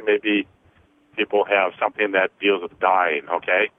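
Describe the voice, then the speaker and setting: Low-voiced man, tinny radio line. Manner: slow, deliberate counting with frequent fillers. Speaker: host, energy healer. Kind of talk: call-in radio talk with guided counting clearings.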